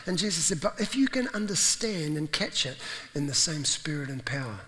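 Male preacher, slightly high voice, conversational sermon, long reverb. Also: big pitch swings, normal speed, pushed and bright. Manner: conversational, acts out quoted voices.

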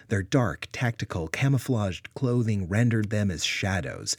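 Husky, low-voiced male storyteller. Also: dry recording, clean studio sound. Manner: expressive storytelling. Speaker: audiobook narrator. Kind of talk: scripted narration.

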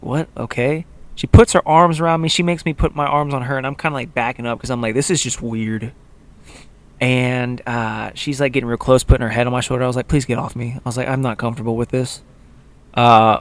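A young man, a podcast co-host, telling a long story in casual chat and acting out what other people said. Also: mid-range voice. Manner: animated, acts out quotes of others.

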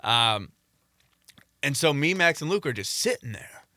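Young male storyteller, bright forceful tone, dry close sound, lively acted-out quotes. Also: fairly high pitch, measured pace, no room sound. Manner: animated storytelling, acting out quotes. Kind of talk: casual podcast chat.

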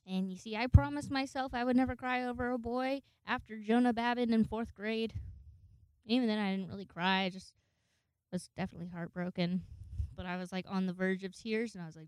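A woman's voice: medium pitch, steady tone, brisk, clean tone, no echo, clean studio sound. A young woman in her twenties telling a rambling, profanity-laced story in a casual monologue, acting out the voices of the people in it. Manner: rambling, swears a lot, acts out voices in quotes.

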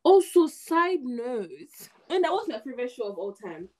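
A young Nigerian woman co-hosting a casual podcast chat, telling stories in a relaxed way with pidgin words mixed in. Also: sits high, normal speed. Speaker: podcast co-host.

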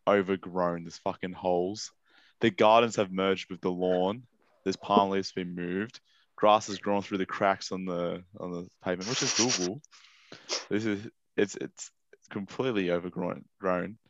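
A man's voice: low-pitched, fairly even intonation, moderate pace, fairly bright tone, dry recording, muffled recording. A young man with an Australian accent, chatting casually on a podcast and telling a story in a laid-back, slangy, swearing way. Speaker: podcast co-host. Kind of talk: casual chat.

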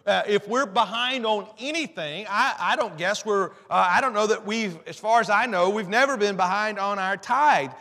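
A man's voice: high-pitched, moderate pace, hardly any pauses, pushed and bright. A man preaching a sermon, earnest, often repeating and restarting phrases as he quotes scripture. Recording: long reverb in a hall.

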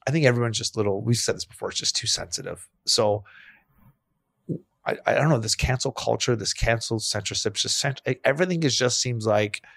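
A man's voice: mid-range voice, fairly quick, vocal fry, a bit bright. A man co-hosting a podcast, talking in a loose, rambling way with many restarts and quoted voices. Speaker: podcast co-host. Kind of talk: casual chat.

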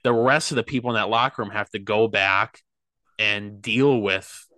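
A man's voice: fairly low pitch, normal speed, sharp tone, no room sound. A young man talking earnestly and rambling with lots of fillers in a casual podcast chat. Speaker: podcast guest, athlete.

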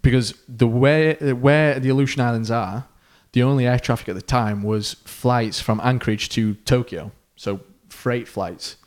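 A man hosting a podcast, spinning a tale in a casual chatty way. His voice sits at an ordinary middle pitch, and his animated telling leans into the tension as the story builds. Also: a little slow, hardly any pauses. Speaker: podcast host.

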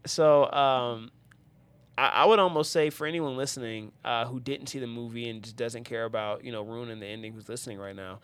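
A man's voice: mid-range voice, steady tone, brisk, clear, resonant tone. Rambling man hosting a podcast. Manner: rambling, many fillers and restarts. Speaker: podcast host. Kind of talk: casual chat.

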